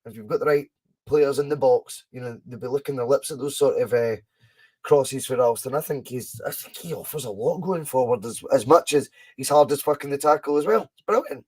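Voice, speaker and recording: A young Scottish man hosting a live fan watchalong, chatting casually, reacting excitedly to the match and answering viewers' comments. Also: medium pitch, a little fast, breathy edge. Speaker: podcast host doing a live fan watchalong.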